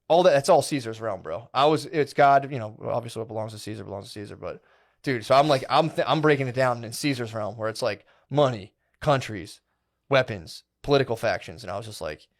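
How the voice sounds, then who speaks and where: A man co-hosting a podcast, telling a long story in a rambling, profane, slangy way, full of "dude" and "like". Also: mid-range voice. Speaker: podcast co-host. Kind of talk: casual storytelling chat.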